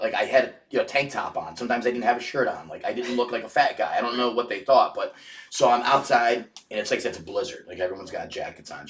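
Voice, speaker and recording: A low-voiced man, appearing as a guest on a podcast, tells a meandering, foul-mouthed story, doubling back and starting his sentences over. His tone is fairly bright, and he's seated a bit away from the microphone in a room that echoes.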